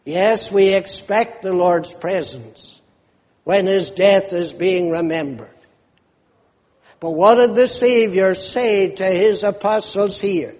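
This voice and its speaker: Male minister, slow deliberate sermon delivery, echo of a large hall. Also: high voice, a little mellow. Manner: deliberate preaching, rising in emphasis on quoted scripture.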